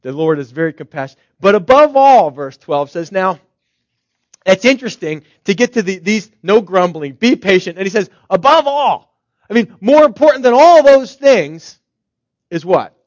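A male pastor with a notably high voice delivers a sermon in an easy, conversational manner, piling up rhetorical questions. The recording sounds slightly dull and very dry, with no room echo. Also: animated, normal speed.

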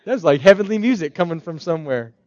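A male pastor with a notably high voice delivers a sermon in an easy, conversational manner, piling up rhetorical questions. The recording sounds slightly dull and very dry, with no room echo. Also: animated, fast, darkish tone.

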